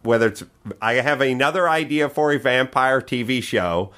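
A man's voice: medium pitch, moderate pace, a bit bright. A man in a casual podcast chat, ranting with profanity and jokes. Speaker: comedian guest.

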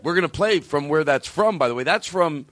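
A man hosting a casual studio chat show, profane and excitable, breaking into shouts of encouragement. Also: on the high side, fairly quick. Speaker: podcast host. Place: recording studio.

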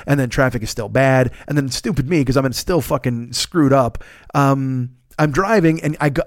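Still recovering from being sick and clearly worn out, a middle-aged podcast host rambles through a lengthy story, swearing casually and poking fun at himself. His voice sits at medium pitch, captured in a dry, studio-quality recording.

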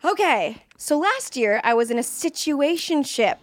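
Chatty young woman, higher voice. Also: very animated, measured pace, no room sound. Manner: chatty, frequent "like", laughs easily. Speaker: co-host. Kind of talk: casual podcast chat, reading listener questions.

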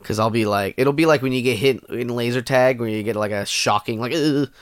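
A man co-hosting a podcast, bantering casually and joking with quick asides. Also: medium pitch, clean tone. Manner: lively, jokey, quick asides. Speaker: podcast co-host.

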